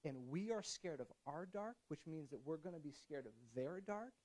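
A man's voice: on the high side, lively intonation, normal speed, rough recording. Conversational man preaching a sermon. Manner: conversational, restarts often, swings from quiet to emphatic. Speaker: pastor. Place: church.

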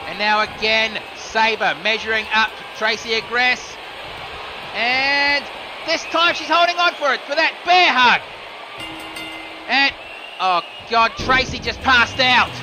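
Excitable high-voiced wrestling commentator. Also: male voice, slow pace, noisy background. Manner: excitable, joking, swears casually. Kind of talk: live play-by-play commentary of a simulated wrestling show. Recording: music playing behind.

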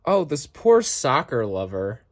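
A young man vlogging casually, excitable and swearing, breaking into off-key singing. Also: mid-range voice, measured pace. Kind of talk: casual reaction vlog.

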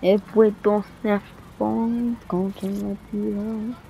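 A woman giving casual gameplay commentary, excitable and self-deprecating, often exclaiming. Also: mid-range voice, normal speed, vocal fry, a little hiss or hum. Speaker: gamer.

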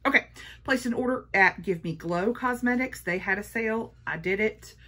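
A woman vlogger chatting casually through a makeup haul, gushing and playful, sometimes dropping to a hush. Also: mid-range voice, normal speed. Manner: gushing, playful, talks to her palettes.

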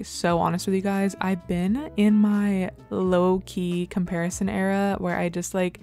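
A woman's voice: medium pitch, a little mellow. A young woman casually commenting on her life-sim game as she plays, rambling and full of filler words, now and then squealing over cute moments. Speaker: let's play creator.

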